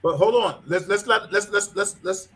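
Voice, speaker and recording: A man's voice: high-pitched, normal speed, a bit bright, breathy edge. A man co-hosting a talk show who keeps cutting in and repeats words as he tries to make his point. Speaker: podcast co-host.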